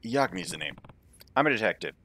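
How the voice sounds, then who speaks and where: A man's voice: on the low side, animated, fast talker, pushed and bright, slight background noise. A man voicing a curious young male detective in a fan game dub, asking probing questions. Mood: friendly. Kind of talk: fan voice-over of a game scene.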